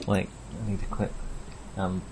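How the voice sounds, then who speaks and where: A man's voice: low voice, normal speed, background noise. A man playing a tabletop game in a playful, laughing manner. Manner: playful, lively, laughs often. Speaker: player. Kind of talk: casual tabletop game play.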